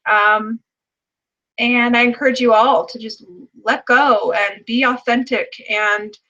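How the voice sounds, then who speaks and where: A young adult woman hosts a spiritual healing show, her tone bright and her voice a bit high. She talks in an earnest, emotional way with plenty of fillers. She guides her listeners gently through a meditation. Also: fairly even intonation, lo-fi sound. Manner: slow, deliberate chanting of number codes. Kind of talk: guided meditation and casual talk.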